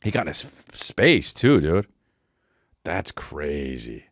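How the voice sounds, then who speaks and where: A man hosting a podcast, riffing casually and comedically on viral clips in a profane, excitable way, with frequent restarts. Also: a bass voice, takes it slowly, no echo, clean studio sound. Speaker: podcast host.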